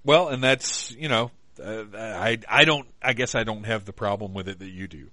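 Low-voiced man in dry casual chat. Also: normal speed, dry recording. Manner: relaxed, rambling, thinks aloud with fillers. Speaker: podcast co-host. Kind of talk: casual film discussion.

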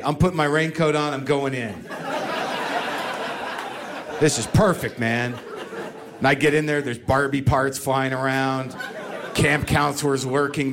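In a stand-up routine, a man with a mid-range voice rants and pokes fun at himself, veering between muttering and shouting.

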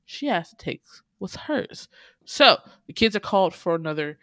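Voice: medium pitch, normal speed, no echo, clean studio sound. A podcast host casually retelling a film plot, swearing freely and laughing as they go. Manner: animated storytelling, swearing, laughing. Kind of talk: casual chat.

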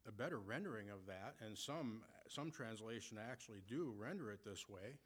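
A man preaching a sermon who asks his listeners rhetorical questions and reads scripture slowly and deliberately. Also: lowish voice, animated, breathy edge.

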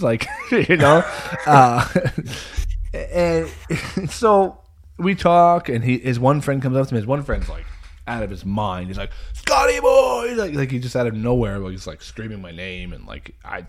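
A man in casual chat, telling a story with lots of laughter and quick shifts. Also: fairly low pitch.

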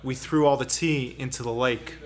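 A man co-hosting a podcast, dropping deadpan silly quips in casual chat. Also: medium pitch, normal speed. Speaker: podcast co-host.

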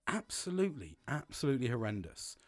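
A man's voice: medium pitch, very animated, brisk. A British man talking in a frank, rambling casual monologue, swearing freely as a podcast host.

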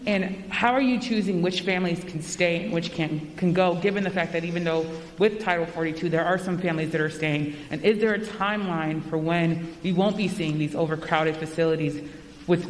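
Woman reporter, measured and formal; roomy hall clip with faint hiss. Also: lowish voice. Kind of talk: press conference question.

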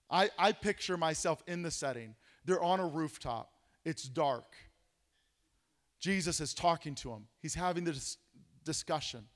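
Male pastor, high-pitched, animated Bible study teacher with rhetorical questions. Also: unhurried, long pauses. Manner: animated, asks rhetorical questions, dramatic drops to a hush.

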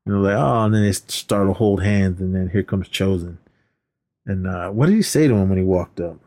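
A man's voice: deep voice, brisk, warm tone. A man co-hosting a podcast, retelling film scenes in casual chat and jumping his voice up when he quotes the characters. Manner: rambling retelling, acts out lines in a raised voice. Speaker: podcast co-host. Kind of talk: casual movie recap chat.

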